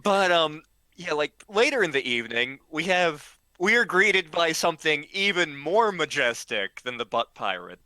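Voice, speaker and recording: A man's voice: fairly high pitch, big pitch swings, pushed and bright, dry recording. Guy telling a story, lots of um and restarts, voice bouncing all over, dry close sound. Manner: halting, full of ums and restarts, acts out quoted lines. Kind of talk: casual spoken storytelling.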